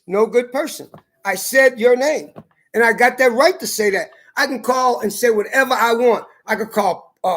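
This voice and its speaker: A man's voice: very high voice, a bit bright. Man, vlogger, angry defiant rant; emphatic and repetitive delivery.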